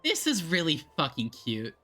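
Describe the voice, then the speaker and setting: Excitable, swearing game streamer. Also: mid-range voice, moderate pace, soft background music. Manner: excitable and profane, with sudden outbursts. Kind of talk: live game stream commentary.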